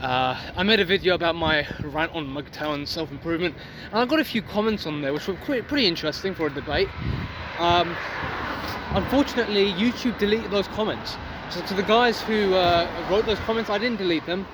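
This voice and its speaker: High-voiced man ranting by busy traffic. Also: animated, fairly quick. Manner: intense, profane, preachy. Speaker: vlogger. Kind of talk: blunt motivational rant. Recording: loud street traffic noise.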